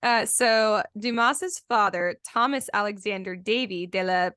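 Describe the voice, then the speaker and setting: A woman talks casually on a book-club podcast, looping through "like" and breaking into laughs. Her voice sits at a middle pitch. The recording is dry and close. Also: measured pace, a bit bright, clean tone, no room sound. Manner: rambling, many "like" fillers, laughs often. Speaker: podcast co-host.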